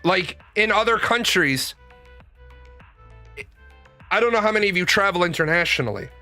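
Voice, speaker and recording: A show host with a high, pushed, bright voice delivers a casual monologue, telling stories bluntly and ramblingly with frequent swearing.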